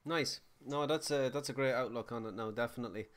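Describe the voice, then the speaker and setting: A man co-hosts a podcast interview, and his voice sits in a plain middle range. He puts his questions in a measured, friendly way. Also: mid-range voice, a bit bright, clear, resonant tone. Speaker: podcast co-host.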